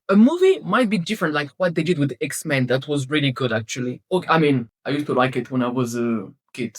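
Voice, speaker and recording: A woman vlogger ranting to camera about a TV series, passionate and exasperated, swinging between loud outbursts and low mutters. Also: breathy edge. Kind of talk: casual rant to camera.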